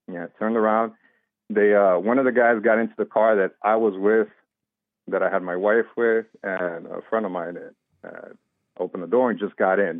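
A low-pitched man tells a personal story in a relaxed, conversational way, slipping into the voices of the people in it. His voice comes through a thin, phone-like line with a dry, close sound. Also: no echo. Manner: animated retelling, acts out quoted voices. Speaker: interview guest. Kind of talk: casual storytelling.

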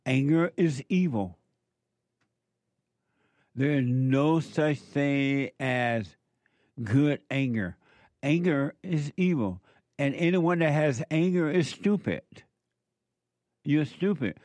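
A man's voice: fairly high pitch, expressive, slow pace, pauses often, a little mellow, no echo. A man preaching a sermon, emphatic and repetitive as he addresses a live audience.

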